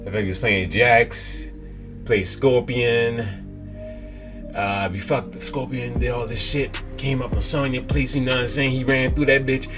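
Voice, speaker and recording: Young guy rambling through a game recap, swears a ton, hyped, game music loud behind him. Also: mid-range voice, measured pace. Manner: excitable, rambling, profane slang. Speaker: gaming channel host. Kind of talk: let's-play commentary.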